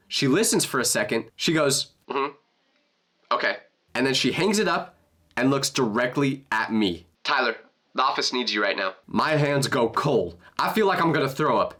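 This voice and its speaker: A young man in his twenties tells a comedic story with a lively, bouncing delivery. His voice is bright and forward, and he mocks himself as he goes. The pitch swings freely from line to line. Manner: animated and self-mocking.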